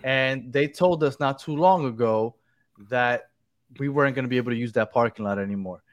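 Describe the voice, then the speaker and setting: A man's voice: medium pitch, fairly quick, muffled recording. A man hosting a podcast, giving updates in a rambling, casual chat. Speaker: podcast host.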